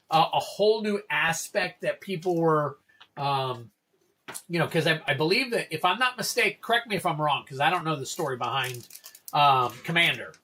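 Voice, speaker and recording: This man hosts a casual card-opening livestream and speaks in a fairly high register. His voice is bright and forward. He rambles easily to his viewers and reads card names and prices aloud along the way. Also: slight background noise.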